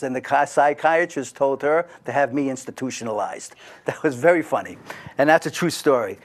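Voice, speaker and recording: A man's voice: mid-range voice, fairly quick. A middle-aged man telling a personal story in casual talk, rambling with restarts and asides to the listener.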